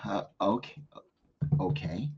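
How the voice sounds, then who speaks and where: A man playing a tabletop game, answering slowly and hesitantly. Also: on the low side, lively intonation, vocal fry, darkish tone, slightly rough. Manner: slow, hesitant, with laughs. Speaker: player. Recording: dull lo-fi sound.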